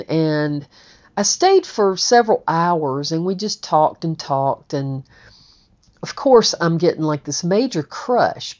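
A woman's voice: on the low side, darkish tone. A woman telling a personal story in a candid, rambling way, often repeating her words. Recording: dull lo-fi recording.

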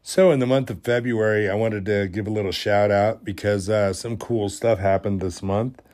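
A man with a lowish voice talks through a long, rambling story on his podcast. He sounds amused and self-deprecating, in loose, casual chat, and he is still getting over a cold. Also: steady tone, normal speed, a little mellow. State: recovering from a cold. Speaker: podcast host.

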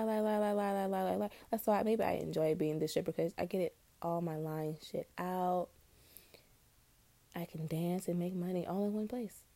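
A young woman hosting a podcast, rambling in a blunt, profane, scattered way while high. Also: mellow, dry recording. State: high on weed. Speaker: podcast host. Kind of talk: casual rambling monologue.

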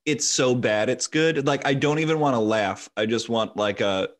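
A man's voice: mid-range voice, normal speed. Laughing, rambling male podcast host. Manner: laughs often, rambling with many fillers. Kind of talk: casual podcast chat.

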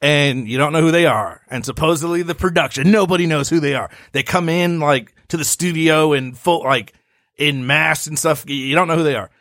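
A man co-hosting a podcast in casual chat, animated and rambling, laughing often. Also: fairly high pitch, brisk, dry recording, clean studio sound. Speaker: podcast co-host.

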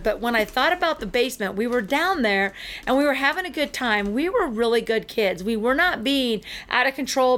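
A middle-aged woman hosting a podcast, telling a story in a casual, animated way and acting out the other people in it. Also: fairly high pitch. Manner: animated, acts out the people in her stories.

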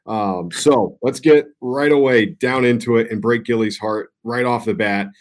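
A man's voice: medium pitch, unhurried. A young man co-hosting a sports podcast, talking loosely and rambling, swearing casually. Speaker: podcast co-host.

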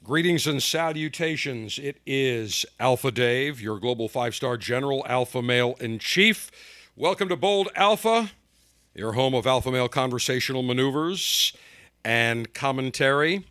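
A man's voice: medium pitch, moderate pace, a bit bright, smooth. A middle-aged man hosting a talk show, giving emphatic, indignant opinion commentary. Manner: emphatic, indignant, punchy delivery. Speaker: podcast host.

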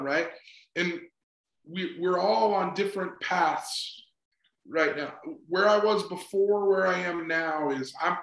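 A man's voice: sits high, slow pace, gravelly, fairly bright tone. A middle-aged man, a sports psychology consultant, talking earnestly in a casual interview and often adding "right?". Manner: earnest, repeats "right?" and "just". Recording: roomy echo.

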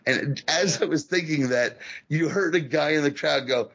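A man co-hosting a casual wrestling podcast, talking in an animated, profane way and acting out the voices he quotes. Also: a little high, normal speed, creaky, breathy edge, dull audio. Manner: animated, swears a lot, acts out quoted voices. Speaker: podcast co-host.

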